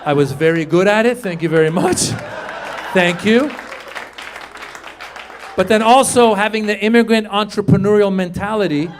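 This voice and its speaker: A man's voice: high-pitched, moderate pace, pauses often. A middle-aged man doing stand-up comedy on stage, telling stories and acting out dialogue. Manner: animated storytelling, acting out dialogue. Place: comedy stage before a live audience. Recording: live show with faint crowd noise.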